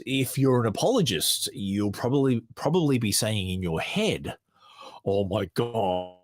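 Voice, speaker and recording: A low-voiced man hosts a podcast, talking casually and sarcastically with frequent chuckles and restarts as he reads partly from a script. His voice is husky, and the recording is dry and close. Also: no echo. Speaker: podcast host.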